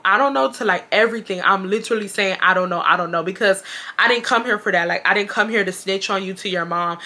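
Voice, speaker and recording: A young woman from Houston with a Texas twang and a bright, sharp voice. She tells a story to camera in a loose, slangy and profane way. She acts out each quoted line with lively emphasis. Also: medium pitch. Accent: Southern US, Texas. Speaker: storytime vlogger.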